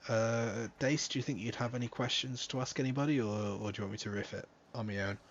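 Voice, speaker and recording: A man's voice: mid-range voice, fairly even intonation, fast talker, lo-fi sound, a little hiss or hum. A man hosting a racing league stream in a casual, joking manner, swearing freely. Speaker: league host and commentator. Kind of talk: casual live-stream commentary.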